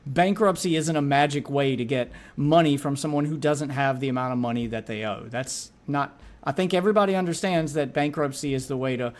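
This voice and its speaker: A man's voice: medium pitch, brisk, hardly any pauses. A man streaming a reaction to a video, talking casually and with exasperation, often repeating words as he gets heated.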